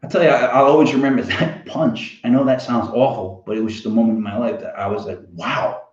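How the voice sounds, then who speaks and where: A man with a Boston accent hosting a fantasy football show, telling a rambling, animated story in a casual monologue. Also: medium pitch, fast talker. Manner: rambling, animated, self-interrupting. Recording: roomy, dull lo-fi sound.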